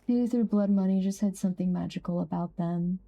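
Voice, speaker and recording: A young woman streaming a game, chatting casually with viewers, laughing easily and jumping up high when something amuses her. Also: a little fast, creaky, mellow, highs cut off, soft background music. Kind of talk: casual live-stream chat.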